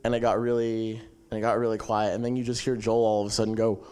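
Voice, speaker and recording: A young man casually telling a funny camp story, animated and laughing as he goes. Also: on the low side, fast, smooth, faint music behind. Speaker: camp attendee sharing a testimony.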